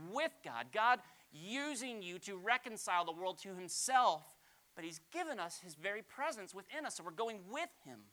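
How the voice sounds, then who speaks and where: Animated bright-voiced male pastor preaching. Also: a little high, clear, resonant tone. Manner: animated, swings from loud exclamations to quiet asides. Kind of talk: sermon.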